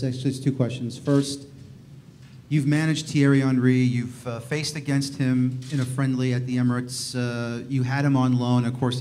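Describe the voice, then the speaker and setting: A man, a reporter, asking a long, drawn-out question at a press conference. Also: medium pitch, dark tone, slight background noise. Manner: long-winded, builds up to his question.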